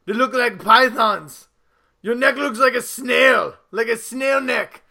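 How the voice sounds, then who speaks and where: A man, the show's host, voicing a loud boastful musclebound gym bro who shouts, whoops and brags. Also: very high-pitched, slow, vocal fry, crowd noise, full character voice. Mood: bragging.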